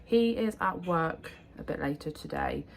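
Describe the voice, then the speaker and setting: A young woman talks to her camera in a loose, chatty way, scattering fillers as she goes. Her voice sits on the low side and has turned hoarse. Her delivery is relaxed and everyday. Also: measured pace, a little hiss or hum. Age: young adult. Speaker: vlogger. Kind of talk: casual vlog chat.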